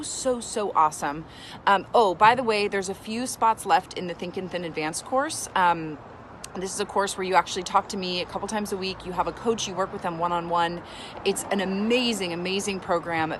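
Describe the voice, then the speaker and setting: A woman's voice: lowish voice, a bit bright, a little hiss or hum. Chatty upbeat woman coach. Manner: enthusiastic, chatty, many fillers. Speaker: tapping coach. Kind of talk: casual self-help talk to camera.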